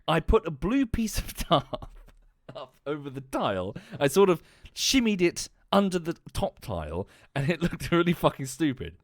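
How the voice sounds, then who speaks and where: A British man telling a story in casual monologue, exasperated and swearing freely as he talks. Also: on the high side. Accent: British English. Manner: animated, exasperated, swears freely, laughs often. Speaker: streamer.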